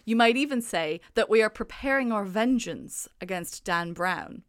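A woman in casual chat reviewing a film, wry and sarcastic, given to quick exasperated rants. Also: mid-range voice, animated. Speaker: podcast co-host.

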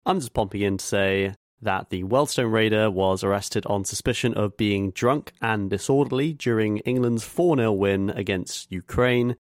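A man's voice: on the low side, dry recording. A man co-hosting a casual podcast, speaking in short, dry remarks. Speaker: podcast co-host and editor. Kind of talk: casual chat.

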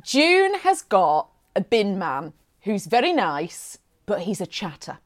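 A woman's voice: mid-range voice, big pitch swings, takes it slowly. A woman co-hosting a casual chat, telling a story and often asking "right?". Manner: chatty, keeps adding "right?", laughs heartily. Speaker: podcast co-host.

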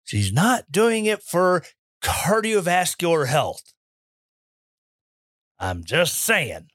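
A man giving opinion commentary in an animated, sarcastic rant, mimicking people he mocks. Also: sits high, extremely slow, no room sound, clean studio sound. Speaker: commentary host.

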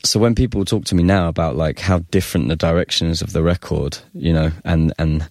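A man's voice: sits low, fairly quick, a little mellow, no room sound, clean studio sound. A man, a musician telling stories in a casual interview, rambling, swearing and laughing. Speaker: musician guest.

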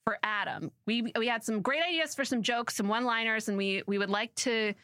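A bubbly woman co-hosting a chatty show, her voice high and bright with lively swings in pitch. She sounds close and dry. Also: a little fast, clean tone, dry recording. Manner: bubbly, enthusiastic. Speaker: co-host. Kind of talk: casual chat.

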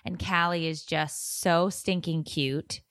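A woman in her thirties, co-hosting a casual chat show, telling stories with lively quoted voices. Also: lowish voice, slow pace, no room sound, clean studio sound. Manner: animated storyteller, acts out quoted voices. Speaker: podcast co-host.

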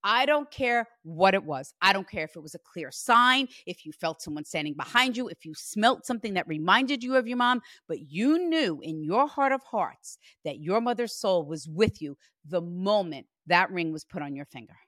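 A woman giving a spirit reading as a medium, speaking in an animated, emphatic and reassuring way. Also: medium pitch, normal speed, few pauses, no room sound, clean studio sound. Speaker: psychic medium.

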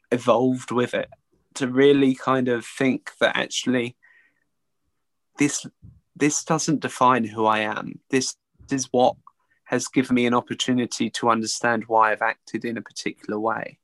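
A man, an early educator, giving an earnest, halting interview answer with frequent restarts. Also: medium pitch, steady tone, a bit bright, no room sound.

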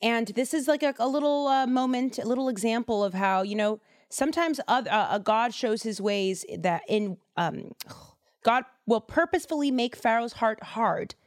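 A young woman hosting a podcast, retelling a Bible story in a chatty, slangy, animated way. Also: on the high side, moderate pace, dry recording, clean studio sound. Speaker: podcast host.

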